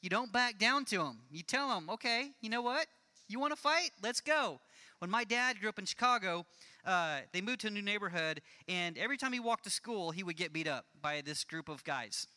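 Guy preaching to kids, high bright voice, jokes around, acts out the characters, big echo like a church hall. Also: fairly quick. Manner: lively, jokey, acts out the characters. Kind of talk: storytelling sermon to a young audience. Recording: long hall reverb.

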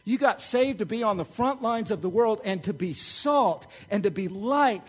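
At normal speed, a pastor whose voice is high for a man preaches a spirited sermon. He brings fired-up energy while keeping things conversational, pausing to check in with the congregation.

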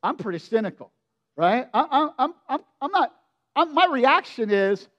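A man giving a sermon as pastor, preaching in an expressive, conversational way and often asking his listeners direct questions. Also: high-pitched, moderate pace, highs cut off.

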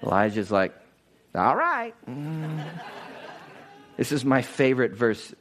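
A man preaching a lively teaching sermon, asking the congregation questions and acting out the voices of the people in the story. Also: medium pitch, a little slow, a little hiss or hum. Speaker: pastor.

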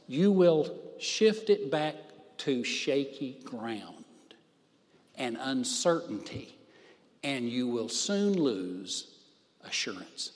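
A man's voice: mid-range voice, very animated, in a large hall. A man preaching a sermon, stressing words by drawing out his phrases. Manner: emphatic, drawn-out phrases for stress.

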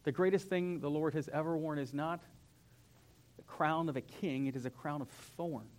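A young male pastor with a fairly high voice gives a lively, conversational sermon in a church. His delivery swings between quiet, reflective passages and sudden energetic peaks. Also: moderate pace. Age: young adult. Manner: animated, conversational, acts out whiny voices. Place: church sanctuary.

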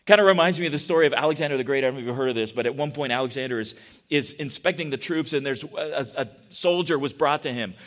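A middle-aged man preaching a sermon in a relaxed, conversational way, often asking the congregation questions. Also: mid-range voice, fast. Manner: chatty, asks the congregation questions. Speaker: pastor.

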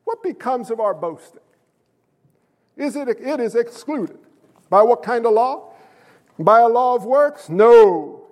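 A pastor preaching a sermon, animated and jokey, bursting into shouted emphasis. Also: male voice, very high-pitched, slow, long pauses, in a large hall.

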